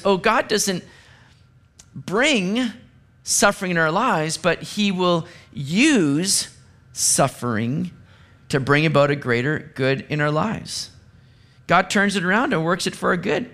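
Animated high-voiced male pastor. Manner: animated, acts out quoted voices with sudden pitch jumps. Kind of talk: sermon. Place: church sanctuary.

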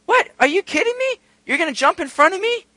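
A male preacher voicing an exasperated woman shopper who has been cut off in line, his voice pushed higher. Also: big pitch swings, brisk, sharp tone, dry recording, heavily acted. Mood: indignant. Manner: shrill, exasperated.

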